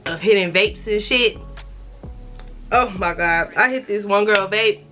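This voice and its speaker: A woman in her twenties telling a casual story-time vlog, animated and profane, acting out the dialogue. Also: mid-range voice, a little slow, soft background music. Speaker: vlogger.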